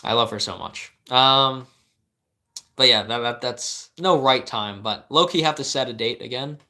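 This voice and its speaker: A man's voice: mid-range voice, unhurried, sharp tone. A young man, a life coach, giving casual live-stream advice to viewers, earnest and rambling with many restarts.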